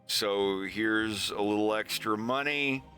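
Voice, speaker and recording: A man's voice: on the low side, slow pace, pushed and bright, soft background music. A man voicing a middle-aged Polish crime boss father, brusque and talking down to others. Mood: grateful.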